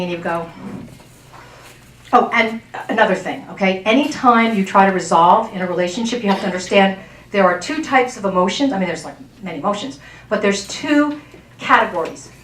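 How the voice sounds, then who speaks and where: A woman's voice: mid-range voice, moderate pace, distant mic, a little hiss or hum. A woman relationship coach giving a workshop talk to an audience in a chatty way, often checking in with her listeners. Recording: roomy sound from off-mic.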